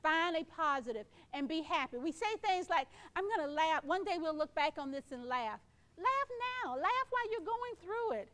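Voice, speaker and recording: Very high-voiced woman giving an upbeat keynote. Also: lively intonation, normal speed, a bit bright. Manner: encouraging, playful, acts out quoted voices. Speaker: keynote speaker. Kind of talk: motivational keynote speech.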